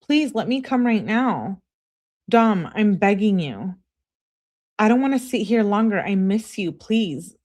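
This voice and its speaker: A woman's voice: mid-range voice, animated, moderate pace, dark tone, pitched above the performer's own voice, lightly acted. A woman voicing a clingy young woman who pleads and begs by text message. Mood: pleading. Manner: pleading, begging.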